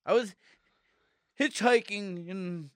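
A man's voice: high-pitched, slow, no echo. A man from Canada, a guest comedian, joking dryly in casual chat. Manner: dry, joking.

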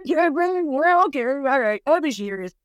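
A woman's voice: high-pitched, lively intonation, normal speed, no room sound, muffled recording. A woman improv teacher chatting reflectively as a podcast guest, full of "like" fillers. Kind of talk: casual podcast conversation.

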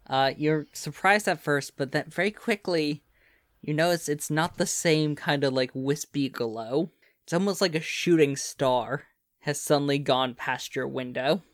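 A man narrating a tabletop role-playing game as game master, in a casual, relaxed way with fillers. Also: a little high, a little slow, dry recording, clean studio sound.

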